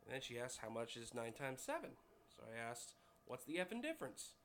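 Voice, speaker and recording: A man voicing a cheeky schoolboy who answers with deadpan, matter-of-fact retorts. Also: medium pitch, brisk, slight background noise. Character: cheeky schoolboy, quick with comebacks.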